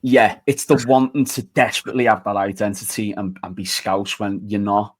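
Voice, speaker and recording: Brief: young man, low voice, exasperated ranting panelist. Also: level tone, normal speed. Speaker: podcast panelist. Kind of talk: casual chat.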